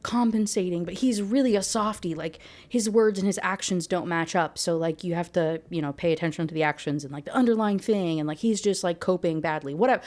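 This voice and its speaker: A woman reviews a book to camera in a candid, exasperated rant, full of "like" and trailing asides. Her voice sits at a middling pitch and moves freely between venting and explaining. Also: darkish tone. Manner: exasperated, candid, heavy use of 'like'.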